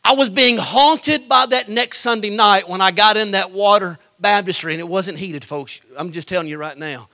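A middle-aged man preaching a Pentecostal sermon, telling his own testimony and swinging from quiet storytelling to shouted pleading and whispers. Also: high voice, normal speed, few pauses.

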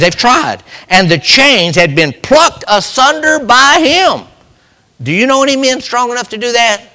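A man's voice: high-pitched, pushed and bright. A man preaching a sermon with passion, putting rhetorical questions to the congregation. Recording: long hall reverb.

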